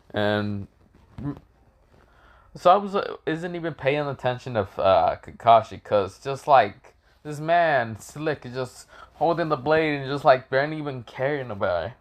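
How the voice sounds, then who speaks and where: A man's voice: mid-range voice, lively intonation, a little slow. Rambling, casual male storyteller. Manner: rambling, with many fillers and profanity.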